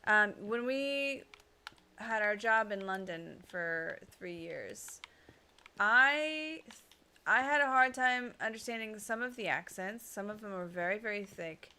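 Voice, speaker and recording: A woman's voice: mid-range voice, expressive, a little slow, bright, forceful tone, smooth. A young woman co-hosting a livestream, chatting in a bubbly, rambling way. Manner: bubbly and chatty, with frequent restarts. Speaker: streamer, co-host. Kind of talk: casual livestream chat.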